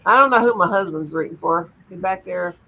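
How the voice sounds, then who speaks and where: A woman's voice: on the low side, brisk, bright, forceful tone, highs cut off, a little hiss or hum. A woman chatting on a video call, playful and teasing, laughing often. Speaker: regular on a video call chat. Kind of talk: casual chat.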